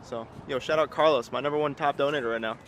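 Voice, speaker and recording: A young man filming a casual vlog in a car with friends, loud and joking, on a phone camera. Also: medium pitch, fast talker, a little hiss or hum. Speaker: vlogger.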